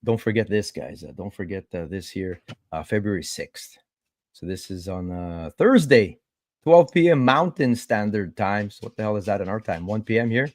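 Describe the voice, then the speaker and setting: A man hosting a casual podcast chat, excitable and profane, peppering his talk with bro and man. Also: lowish voice, moderate pace, no echo, clean studio sound. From Canada. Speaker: podcast host.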